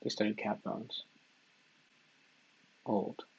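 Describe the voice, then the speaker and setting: A man working through practice test questions out loud, half-reading and mumbling his reasoning as he goes. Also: fairly low pitch, sing-song, slow pace, gravelly, highs cut off, a little hiss or hum. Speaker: test-taker and tutor. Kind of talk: think-aloud practice test, muttering while reading.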